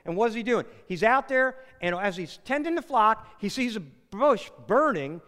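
A man with a high-pitched, fairly bright voice preaches a sermon at a moderate pace, his intonation lively as he tells it like a story, acting out quotes and slipping in asides. The recording carries a long hall reverb.

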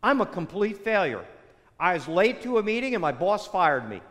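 A man's voice: high voice, very animated, normal speed, a bit bright, long reverb tail. A man voicing a defeated grown man at a bar, wearily listing his woes. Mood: despairing.

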